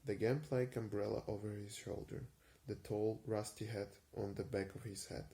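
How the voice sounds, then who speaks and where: A man giving an unhurried ASMR reading of a vintage story, with frequent small hesitations. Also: fairly low pitch, fairly even intonation, creaky, dark tone. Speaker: reader.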